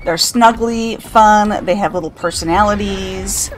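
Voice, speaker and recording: A woman's voice: mid-range voice, measured pace. An older woman streaming a game, chatting casually, reading out chat and laughing often. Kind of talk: casual live-stream chat while gaming.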